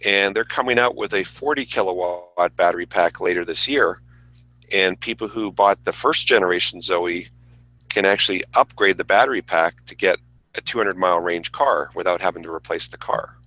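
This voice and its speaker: A man's voice: sits low, moderate pace, pushed and bright, no echo, low-quality recording. A man co-hosting a casual panel chat, explaining with enthusiasm. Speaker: podcast co-host.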